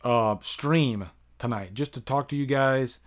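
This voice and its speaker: Unhurried and thinking out loud, an American horror movie reviewer in his thirties runs a casual live-stream Q&A on YouTube, full of ums, asides, and fillers as he reads viewer questions. His ordinary mid-pitched voice goes into a desktop microphone.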